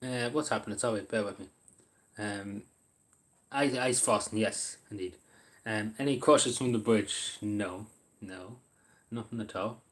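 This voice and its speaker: A man's voice: on the low side, unhurried, pauses often. An Irish man chatting casually on a live stream, answering chat and eating as he talks, rambling with lots of ums and restarts. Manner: eats while talking. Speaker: livestreamer reading chat.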